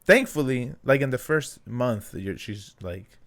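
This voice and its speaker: A man co-hosting a podcast as a new father, talking in a casual, halting way, with plenty of fillers, a few Spanish words, and his own past thoughts acted out. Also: medium pitch, expressive, fairly bright tone. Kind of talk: casual chat.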